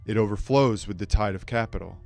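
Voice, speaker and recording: Deadpan guy doing a weird comedy speech, trips over lines, faint music behind. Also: fairly low pitch, a little fast, creaky. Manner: deadpan, with stumbles and asides. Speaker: speech contestant. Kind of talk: surreal comic monologue.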